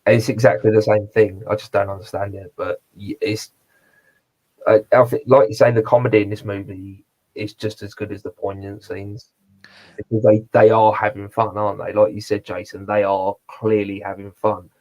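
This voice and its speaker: Male podcast co-host, lowish voice, loose rambling film-review chat full of fillers. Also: level tone, normal speed, darkish tone, rough recording. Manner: rambling, with many fillers and restarts. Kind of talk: casual movie review chat.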